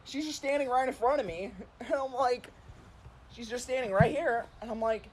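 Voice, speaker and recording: Talking fairly quickly in a high voice, this man tells rambling stories in a casual stream chat. He leans heavily on "like" and keeps laughing at himself.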